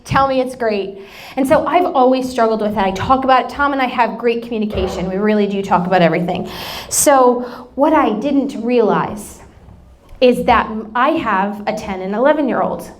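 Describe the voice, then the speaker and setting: High-voiced woman pastor, candid and emotional. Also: normal speed. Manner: candid, emotional, self-deprecating. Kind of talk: sermon with personal storytelling.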